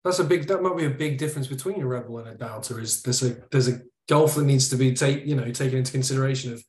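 A man co-hosting a casual live-stream discussion, talking in a thoughtful, halting way. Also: medium pitch. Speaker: podcast co-host. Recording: echoey room.

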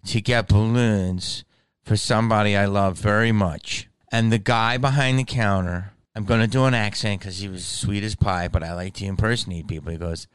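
A male comedian rants directly to camera in a profane, animated comedic monologue. His smooth, clear voice is fairly low and moderately paced, recorded dry and close with no echo.

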